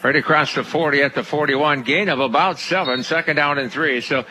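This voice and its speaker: A man calling a local football game play by play from a press box, brisk during plays and loose and chatty between them. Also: on the high side, pushed and bright. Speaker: play-by-play announcer. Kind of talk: local radio football commentary. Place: press box at a small-town football field. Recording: outdoor broadcast with crowd and field noise.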